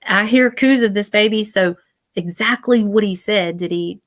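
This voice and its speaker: A woman's voice: medium pitch, normal speed, a bit bright, dry recording. A woman giving a live-stream psychic reading in an earnest, reassuring, repetitive way, and she gets emotional as she talks. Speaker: psychic medium.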